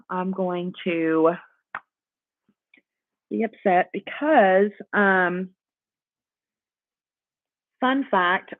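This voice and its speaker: A woman, telling a rambling, profanity-laced story in a casual live-stream storytime. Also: mid-range voice. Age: 30s. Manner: rambling, profane, heavy use of "like". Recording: tinny phone-like audio.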